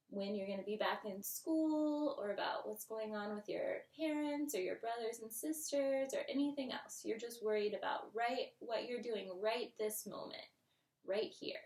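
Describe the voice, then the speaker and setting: A woman leading a children's yoga lesson in a gentle, playful, encouraging way, sometimes dropping to a whisper. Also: on the high side, recorded from a distance. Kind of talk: guided kids' yoga lesson. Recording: echoey room, voice from the mic.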